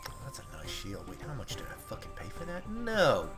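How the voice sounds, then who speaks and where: A man's voice: lowish voice, very animated, fast talker. A man hosting a let's play, commenting on the game in rambling, heavily profane rants. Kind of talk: gaming commentary. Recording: game music playing behind.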